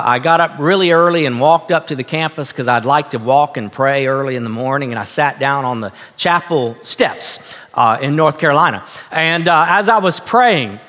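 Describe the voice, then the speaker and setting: A man preaching a sermon as pastor, earnest and halting, repeating himself with many fillers. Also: mid-range voice, expressive, a bit bright. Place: church sanctuary. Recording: echoey hall.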